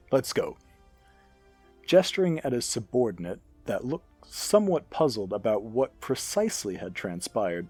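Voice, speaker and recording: A man narrating a science fiction story with an expressive, animated reading. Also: medium pitch, breathy edge, no echo.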